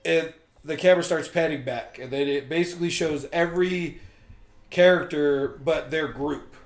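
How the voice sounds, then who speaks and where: A man's voice: a little high, moderate pace. A man co-hosting a casual movie talk stream, recapping scenes with fillers and laughs. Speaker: movie podcast co-host. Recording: roomy echo.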